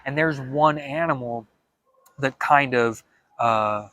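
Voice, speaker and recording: A young man talking in a casual vlog monologue, animated and dramatic, with frequent stammered restarts. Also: mid-range voice, slow, no room sound. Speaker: vlogger.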